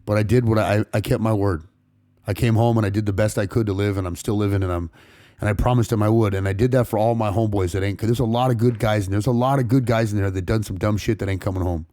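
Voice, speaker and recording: A low-voiced man rattles through his story at a fast clip, cursing freely and restarting sentences as he goes. His tone is dark and mellow. The recording is dry and close, with no room sound. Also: steady tone, no echo. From San Fernando Valley, California. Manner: rapid, profane street talk with frequent restarts. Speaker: podcast guest. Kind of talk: casual storytelling interview.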